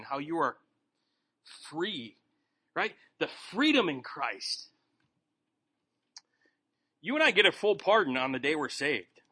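Folksy high-voiced man preaching. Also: sharp tone. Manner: folksy, joking, conversational. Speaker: Bible study teacher. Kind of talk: informal sermon.

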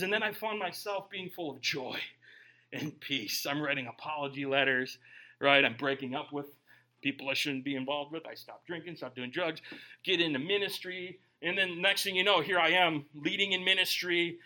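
A middle-aged man preaching a humorous sermon, joking with the congregation and swinging between quiet asides and loud bursts. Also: on the high side, moderate pace. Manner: animated, joking, bursts of shouting.

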